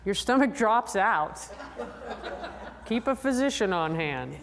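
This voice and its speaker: A woman psychologist giving a lively, chatty talk to a convention audience, drawing answers from the crowd. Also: slow pace. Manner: animated, chatty, acts out riders in high voices. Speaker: sports psychologist presenter. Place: large convention hall. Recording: long hall reverb.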